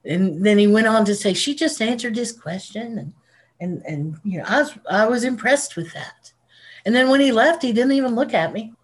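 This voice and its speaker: A woman's voice: a little high, normal speed. Chatty woman podcast co-host. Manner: animated storyteller who laughs often. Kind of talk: casual chat.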